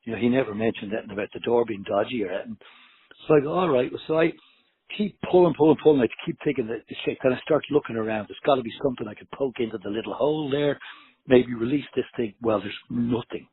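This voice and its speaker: Husky man on a tinny line. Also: medium pitch, fast talker. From Ireland. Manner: animated, profane, acts out dialogue. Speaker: guest musician. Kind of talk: casual storytelling.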